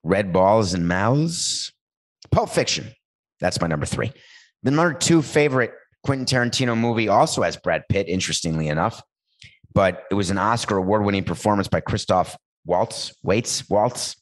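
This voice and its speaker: A man hosting a talk show, riffing playfully and rambling, with sudden jumps in pitch. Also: animated, brisk. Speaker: show host. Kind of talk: comedic talk-show monologue with ad read.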